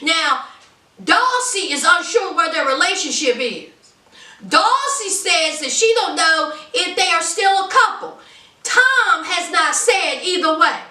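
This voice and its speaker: A very high, bright woman's voice, full of sass, that swings up and down as she laughs through a casual recap. She calls everyone honey and child. She sits back from the mic in an echoey room. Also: expressive, measured pace, distant mic. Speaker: TV show reviewer.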